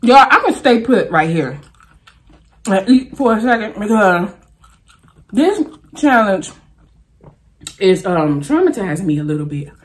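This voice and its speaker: A woman food vlogger talking casually to camera while eating, animated and exclaiming, chanting at a spinning wheel. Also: mid-range voice, a little slow, pauses often.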